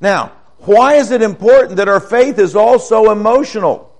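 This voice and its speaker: A man's voice: high-pitched, moderate pace. Folksy older man preaching. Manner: folksy, asks the congregation questions. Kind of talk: conversational sermon.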